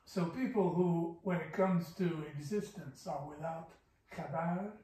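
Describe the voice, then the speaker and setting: A man with a fairly high, mellow voice teaches a Persian poetry lesson at an unhurried pace, patiently breaking lines of verse into syllables and explaining the meter. He sounds far off in an echoey room, with slight background noise.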